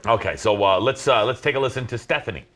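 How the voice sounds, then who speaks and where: A man hosting a casual talk show segment, relaxed and joking with co-hosts. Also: mid-range voice, fast, faint music behind. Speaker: radio show host. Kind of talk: casual studio chat.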